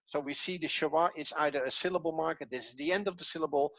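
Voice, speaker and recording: A man teaching a Hebrew class online, patient and encouraging, often pausing and restarting. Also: a little high, fairly bright tone, dry recording. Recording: dull, lo-fi, dry.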